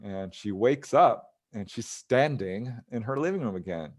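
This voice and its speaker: A man's voice: on the low side, lively intonation, a little slow. A man, a ufologist guest, recounting a case in casual interview talk, voicing the people he quotes and chuckling as he goes. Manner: recounts cases, acting out quoted voices with chuckles.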